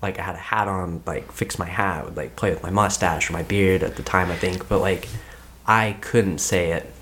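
A man's voice: deep voice, fairly even intonation, moderate pace, a bit bright, slight background noise. A young man, a podcast guest, telling a personal story in a rambling, casual way, filling his speech with "like.". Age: young adult. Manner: rambling, heavy use of "like" as filler.

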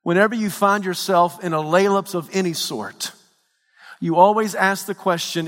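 A man pastor delivering a dramatic sermon, swinging from hushed tones to shouts. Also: high voice, moderate pace, big-room sound.

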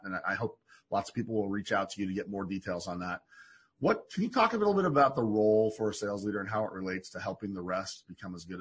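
A man's voice: fairly low pitch, slight background noise. A man hosting an interview, asking questions in an eager, encouraging way. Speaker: interview host.

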